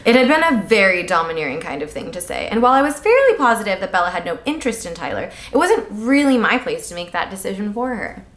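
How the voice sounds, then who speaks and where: A woman's voice: mid-range voice, very animated, fast, hardly any pauses, a bit bright. A woman co-hosting a casual read-along podcast, giggling and reading aloud with sarcastic asides. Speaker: podcast co-host. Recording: echoey room with faint noise.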